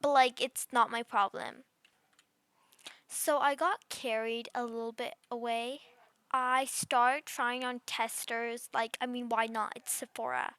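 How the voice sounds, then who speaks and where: Lady playing a snotty little kid, bright sharp voice, rambly and smug, dry close mic. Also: fairly high pitch, fairly even intonation, unhurried, smooth, dry recording. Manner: rambling storyteller, constant "like" fillers; smug, gleeful. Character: bratty rude girl under ten. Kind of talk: voice role-play storytime.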